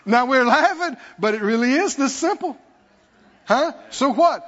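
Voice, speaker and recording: Man, preacher, very high voice, sermon, calls out to the congregation, lo-fi church recording with long reverb. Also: animated, normal speed, a bit bright. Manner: acts out worried believers in a mocking tone. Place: church sanctuary.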